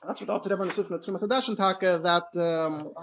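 Guy teaching a torah class, quick and rambly, highish voice. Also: fairly even intonation, fairly bright tone. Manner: rapid, explanatory, full of fillers and asides. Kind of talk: Torah class on Hebrew pronunciation.

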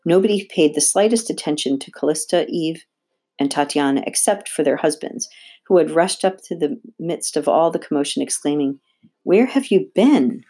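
A woman reads a children's novel aloud in a low voice, steady and expressive. Her narration is calm and clear, the tone of a read-aloud storybook. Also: moderate pace. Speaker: audiobook reader.

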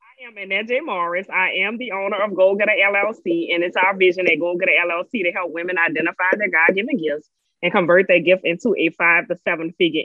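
A woman's voice: on the low side, narrow, tinny audio. A woman from Louisiana with a Louisiana accent, telling her story as a podcast guest in a folksy, laughing way. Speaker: guest, business owner. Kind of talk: casual interview chat.

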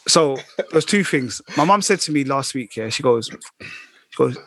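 A man's voice: mid-range voice, animated, moderate pace, fairly bright tone, slightly rough, dry recording. A man hosting a podcast, chatting casually and telling stories in a laid-back, slangy way. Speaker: podcast host. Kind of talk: casual chat.

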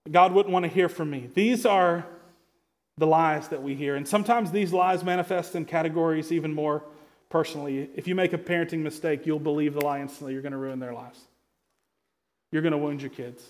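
Man, thirties, pastor, sermon, high voice, conversational, quietly intense emphasis. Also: steady tone, brisk.

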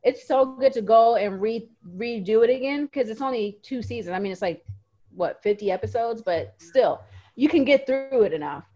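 A woman's voice: a little high, moderate pace. A woman co-hosting a podcast, casually and emotionally retelling favorite moments with lots of fillers. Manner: animated, emotional storytelling with fillers. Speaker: podcast co-host. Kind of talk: casual chat. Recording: muffled lo-fi audio.

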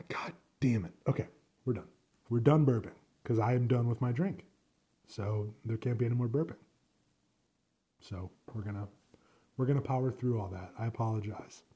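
A man's voice: on the low side, dark tone, breathy edge. A man hosting a solo podcast, chatting casually in a rambling, profane, self-deprecating way. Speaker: podcast host.

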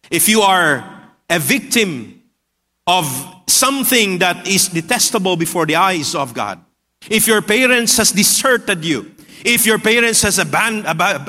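Bright-voiced man preaching in a hall. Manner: repetitive, earnest, dropping low and soft for emphasis. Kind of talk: sermon. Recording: long hall reverb.

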